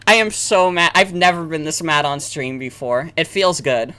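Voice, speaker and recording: A woman streaming a game, ranting loudly with lots of swearing and "like" fillers. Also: sits low, expressive, normal speed, hardly any pauses. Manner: profane, loud, lots of "like" fillers. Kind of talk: ranting let's-play commentary.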